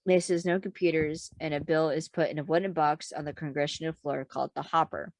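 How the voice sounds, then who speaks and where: A woman's voice: low voice, fairly even intonation, brisk, no room sound. A young woman co-hosting a casual podcast, retelling TV scenes with laughing asides. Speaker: podcast co-host. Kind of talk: casual recap chat.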